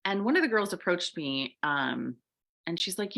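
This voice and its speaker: A woman's voice: moderate pace, creaky. A woman co-hosting a podcast as a coach, telling her story in casual chat and acting out the quoted voices. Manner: animated, acts out quoted voices with big pitch jumps.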